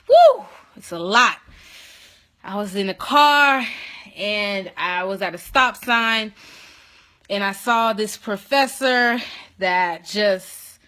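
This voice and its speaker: A young adult woman telling her own story in a casual vlog, expressive, with loud whoops and animated retelling. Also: mid-range voice, takes it slowly, pauses often. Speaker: vlogger.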